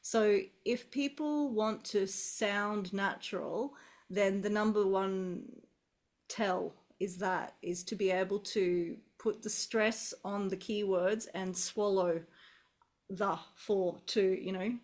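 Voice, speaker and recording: A woman's voice: medium pitch, takes it slowly. A middle-aged Australian woman, an English teacher, chatting thoughtfully over a video call and often restarting her sentences. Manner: relaxed, thoughtful, musing with restarts. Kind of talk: casual video call conversation.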